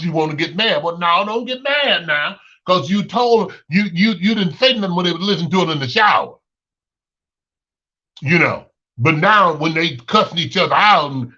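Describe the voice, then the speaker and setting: A man with a Chicago accent talks straight to his listeners in a casual monologue, hammering points home by saying them again and again. His voice is bright and sits a touch high. The recording is muffled and lo-fi. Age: 30s. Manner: preachy, repeats himself for emphasis. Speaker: host.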